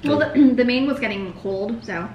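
A woman's voice: on the high side, normal speed, lo-fi sound. Bubbly young woman, echoey room. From United States. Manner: bubbly, laughs often. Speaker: co-host. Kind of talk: casual chat while eating. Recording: echoey room with faint noise.

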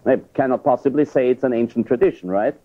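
A priest giving an emphatic lecture on church teaching, arguing with rhetorical questions. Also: male voice, mid-range voice, fast. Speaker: priest and theologian. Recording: tinny lo-fi archive recording.

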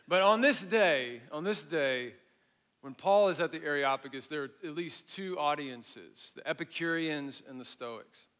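A middle-aged man preaching a sermon as pastor, with animated emphasis that drops to a hush at phrase ends and casual asides to the congregation. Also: a little high, unhurried.

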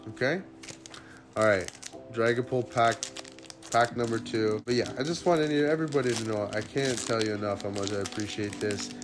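Excitable guy opening card packs on his channel, pitch jumps way up then drops low, music playing behind. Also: moderate pace. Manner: excitable, jumps up high when hits appear, then drops to low murmurs. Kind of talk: casual unboxing chat to viewers.

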